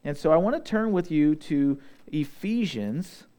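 A young adult man preaching a sermon, reading scripture aloud and slowing down to stress key words. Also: on the high side, animated, mellow, smooth. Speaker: pastor.

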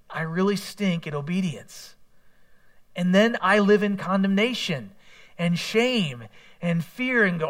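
A man's voice: high-pitched, fairly bright tone. A man preaching a sermon in a conversational way, mixing scripture with candid personal asides. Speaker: pastor.

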